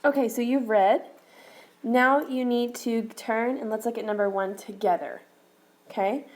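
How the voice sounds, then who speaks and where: A woman's voice: fairly high pitch, fairly even intonation, measured pace, low-quality recording. A woman teacher giving a recorded reading lesson, talking her students through each step and checking in with frequent "okay?" prompts. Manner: encouraging, repeats okay, talks students through steps.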